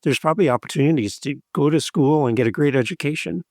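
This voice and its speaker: A man hosts a podcast interview, chatting loosely and encouraging his guest. His voice sits a touch high for a man. The recording is dry and close to the mic. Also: fast, darkish tone, no room sound. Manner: easygoing and encouraging, loose phrasing with fillers. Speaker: podcast host. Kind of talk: casual interview chat.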